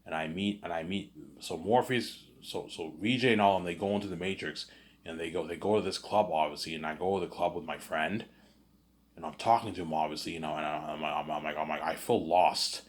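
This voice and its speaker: A man's voice: deep voice, brisk. A man telling a story in a casual, rambling way, stammering and repeating himself as he goes. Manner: rambling, stammering repetitions, constant "you know what I'm saying".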